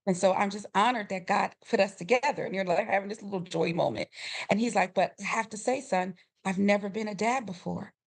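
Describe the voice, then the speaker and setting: Middle-aged woman on a podcast, expressive storyteller, acts out voices, laughs a lot. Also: medium pitch, fairly quick, creaky. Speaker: podcast guest, grief coach. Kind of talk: storytelling in a conversational interview.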